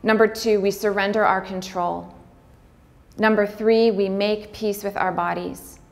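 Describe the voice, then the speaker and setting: A woman's voice: medium pitch, fairly even intonation. Candid woman telling a heartfelt story. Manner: acts out dialogue in quick bursts. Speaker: speaker on pregnancy loss. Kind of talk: personal storytelling talk.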